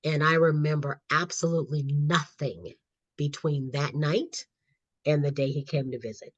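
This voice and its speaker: A woman's voice: low-pitched, fairly even intonation, moderate pace, dry recording. A middle-aged woman, a guest author and counselor, telling her own story animatedly in a podcast interview and laughing often. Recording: slightly dull lo-fi audio.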